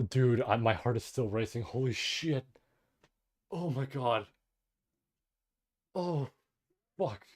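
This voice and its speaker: A man streaming a live reading, reacting with overwhelmed, swearing, emotional outbursts. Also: mid-range voice. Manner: loud bursts of excitement. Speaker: streamer reading a light novel aloud.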